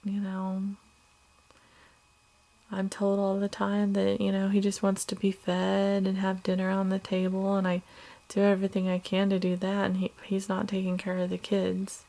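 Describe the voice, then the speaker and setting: An upset woman, a mother of two small children, talking haltingly into a video diary, now and then dropping to a whisper. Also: medium pitch, completely flat delivery, gravelly, dark tone. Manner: halting, hesitant, many fillers and restarts; subdued, drops at times to a whisper.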